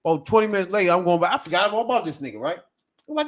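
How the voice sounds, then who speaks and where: Animated high-voiced man telling a story. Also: rapid-fire. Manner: animated storytelling, shouts and laughs while acting out quotes. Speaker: podcast co-host. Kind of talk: casual podcast chat.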